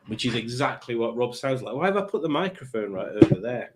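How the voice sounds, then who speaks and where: A man's voice: mid-range voice, fast, hardly any pauses, slight background noise. Rambling, jokey British man. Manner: jokey, self-mocking, easily sidetracked. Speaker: livestream host. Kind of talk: rambling live-chat banter.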